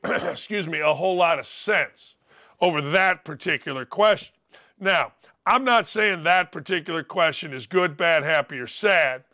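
An older man hosts a sports talk show. His voice is gravelly from days of yelling, yet fairly high and bright. He rants bluntly and sarcastically, with a combative edge. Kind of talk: opinionated sports radio rant.

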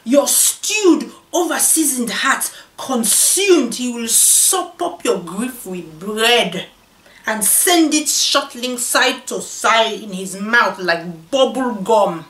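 Woman doing a West African accent for a poem reading, solemn and slow, distant roomy mic. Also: fairly high pitch, expressive, a bit bright. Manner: slow, measured, dramatic pauses. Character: solemn female poetry reciter. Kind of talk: poetry recitation.

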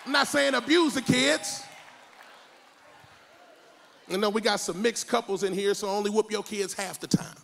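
Brief: high-voiced, bright male pastor, animated and funny, shouts his points. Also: normal speed, vocal fry, pauses often, a little hiss or hum. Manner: animated, comic, often shouting. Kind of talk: sermon. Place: church.

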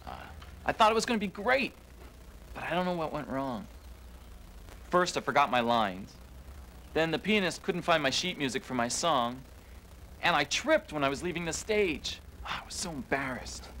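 Children's TV: a self-critical young performer, animated delivery, faint background hiss. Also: male voice, fairly high pitch, normal speed, long pauses, low-quality recording. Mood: upset. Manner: earnest, expressive. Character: young man, aspiring actor, self-critical. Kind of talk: children's TV drama acting.

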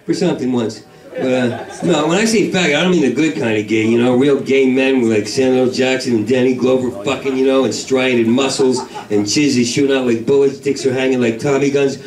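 A man doing a stand-up comedy set in a club, talking in a manic, rambling, profane way that breaks into shouted voices. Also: mid-range voice, steady tone, brisk. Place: comedy club main room. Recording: echoey club recording from far off with crowd. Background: audience laughter.

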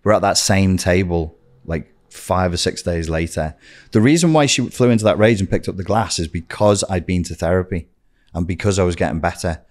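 Deep-voiced blunt man telling stories. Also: fairly quick. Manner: blunt and sweary, acts out quoted voices. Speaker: podcast guest. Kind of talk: candid personal storytelling in an interview.

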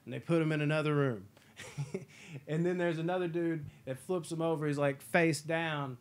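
A man hosting a casual movie review chat, enthusiastic and profane, acting out scenes in quick impressions. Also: fairly high pitch. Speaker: podcast host.

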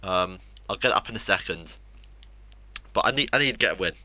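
Bright, animated young Englishman ranting over gameplay. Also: low-pitched, brisk, dry recording. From England. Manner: frustrated, self-mocking ranting. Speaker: gaming YouTuber. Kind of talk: live gameplay commentary.

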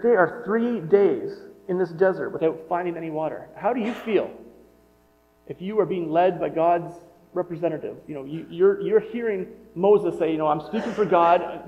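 A middle-aged man giving a sermon in a conversational way, often restarting and wondering aloud. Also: sits high. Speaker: pastor. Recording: muffled sound with long hall reverb.

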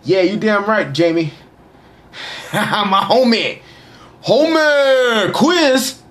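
A young man giving casual, boisterous shout-outs to followers in a profane, slangy way. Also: high-pitched, animated, drawn-out words. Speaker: vlogger reading social media shout-outs. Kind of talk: casual live shout-out chat.

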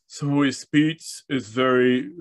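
A man's voice: mid-range voice, takes it slowly, no echo. A Canadian man telling a rambling, humorous story about accessibility, acting out the dialogue as he goes. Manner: rambling, with restarts and acted-out dialogue. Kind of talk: casual storytelling talk.

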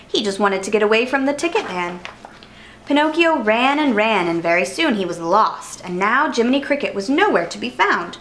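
A woman reads a children's picture book aloud as a storyteller. She is expressive and animated, with a fairly high voice that rises and falls a lot. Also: moderate pace, a little hiss or hum.

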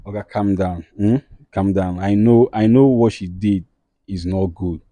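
Nigerian man as a mediating show host, very mellow low voice, dry sound, calming. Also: measured pace, dry recording, close to an everyday voice. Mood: soothing. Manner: soothing, repeatedly urging calm, mixes Pidgin. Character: male mediator talk show host, calm, moralizing. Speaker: talk show host in a skit. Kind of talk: comedy skit acting.

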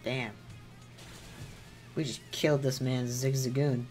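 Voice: medium pitch, level tone, takes it slowly, a little mellow, soft background music. A streamer giving casual, rambling commentary while playing a video game, muttering to themself, humming along and making self-deprecating jokes.

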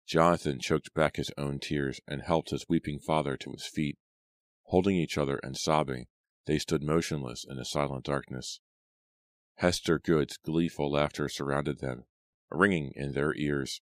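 A man reading a horror audiobook aloud in a dramatic, measured way. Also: extremely low pitch, steady tone, dry recording, clean studio sound. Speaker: audiobook narrator. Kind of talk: scripted narration.

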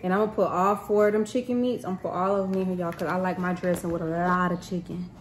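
A woman's voice: on the low side, flat delivery, fast. A woman in her thirties chatting casually to her viewers while she cooks at home. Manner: chatty, talks straight to viewers. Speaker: cooking vlogger. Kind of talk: casual cooking chat to camera. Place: home kitchen. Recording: echoey kitchen with faint room noise.

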